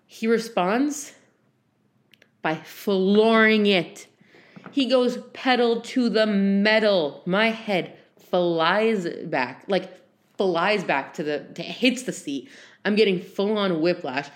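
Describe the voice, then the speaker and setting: A young woman hosting a podcast, telling a bad-date story in an animated, self-deprecating way with lots of "like" and "um". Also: on the low side, slow pace. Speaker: podcast host. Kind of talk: casual storytelling monologue. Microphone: handheld phone.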